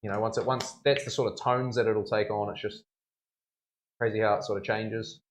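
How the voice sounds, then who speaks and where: A man's voice: fairly low pitch, steady tone, moderate pace. A young man, a tattoo artist, chatting casually on a live stream while he works, laughing often and thanking viewers. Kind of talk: casual livestream chat while working.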